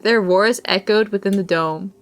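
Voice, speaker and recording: A woman's voice: mid-range voice, moderate pace, a little hiss or hum. A young woman streamer reading a visual novel aloud, with casual, self-deprecating asides.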